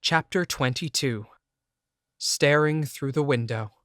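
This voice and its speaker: A man's voice: a little high, takes it slowly, fairly bright tone, dry recording. A man reading a first-person audiobook in an intense, emotional way, close to the mic. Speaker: audiobook narrator. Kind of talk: scripted first-person narration.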